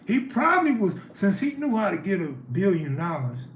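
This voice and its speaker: A man's voice: high-pitched, big pitch swings, normal speed. Laid-back man chatting on a livestream. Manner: loose and conversational, reacting to chat. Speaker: livestream host. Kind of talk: casual livestream chat. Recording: echoey room with faint background noise.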